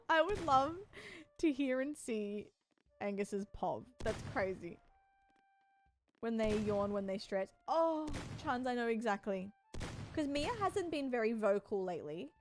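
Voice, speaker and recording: A woman's voice: fairly high pitch, animated, slow pace, pauses often, slight background noise. A tired woman streamer chatting casually with her live chat and cooing to her cat between remarks.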